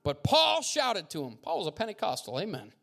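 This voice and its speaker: A man preaching a sermon as pastor, fiery and loud at peaks, with folksy jokes and asides. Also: high voice, wildly swooping pitch, fairly quick, creaky. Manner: fiery preaching, bursts into shouts.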